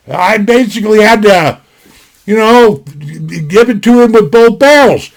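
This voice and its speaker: A man with a fairly high voice tells a rambling, folksy story at his desk. He restarts his sentences often and wanders into asides. His delivery stays casual and conversational throughout. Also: lively intonation, unhurried. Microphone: desktop recording.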